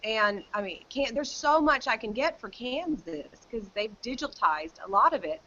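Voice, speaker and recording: A bright-voiced, higher-pitched woman talks in a chatty, rambling way, full of restarts. She is a guest author on a video call. The call audio sounds slightly dull and lo-fi. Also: animated, normal speed. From South Dakota. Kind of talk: casual chat on a video call.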